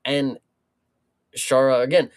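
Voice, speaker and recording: A man's voice: medium pitch, steady tone, slow pace. Male co-host, fired-up and profane, casual fight chat storyteller. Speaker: podcast co-host.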